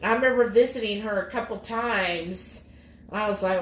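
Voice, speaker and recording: A woman's voice: medium pitch, moderate pace. A woman, co-hosting a casual livestream and chatting while reading viewer comments aloud. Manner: chatty and expressive, reads comments aloud in bright voices. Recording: roomy echo with faint noise.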